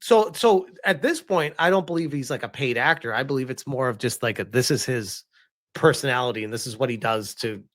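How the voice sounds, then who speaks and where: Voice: medium pitch, brisk. A host giving casual, sarcastic commentary on online drama and reading posts aloud in an exasperated tone.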